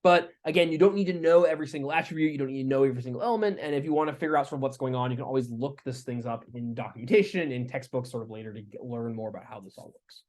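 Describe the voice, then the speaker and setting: A man's voice: medium pitch, very fast, hardly any pauses. Man lecturing, casual with restarts. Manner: relaxed, thinking aloud with fillers and restarts. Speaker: instructor. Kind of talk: lecture with live coding.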